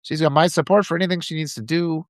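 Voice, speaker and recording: A man's voice: fairly high pitch, steady tone, fast talker, no room sound. A man hosting a live stream, giving impassioned political commentary and reading out viewer comments, with frequent restarts.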